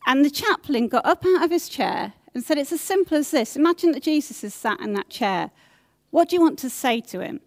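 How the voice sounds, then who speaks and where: Casting: middle-aged woman, gentle sermon delivery, slightly high voice, dry close sound. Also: expressive, a little fast, dry recording. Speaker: preacher.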